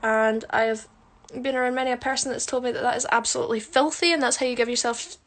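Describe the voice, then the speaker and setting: A woman's voice: fairly high pitch, fairly even intonation, fast talker. A woman chatting casually on a phone livestream at home, self-mocking and answering viewer questions while doing her makeup. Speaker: musical theatre performer.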